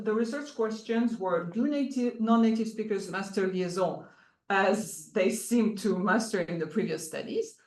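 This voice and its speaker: Woman, conference presenter, explanatory academic delivery with many fillers, echoey room. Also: on the high side. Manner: explanatory, halting with frequent fillers. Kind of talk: academic talk.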